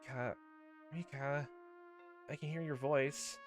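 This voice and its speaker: A man voicing a gentle girl spirit in a game playthrough, speaking softly and calmly as she calls out. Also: medium pitch, slow, over music, natural voice. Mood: soft calling. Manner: soft, calm and pleading. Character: gentle faint girl spirit calling from afar.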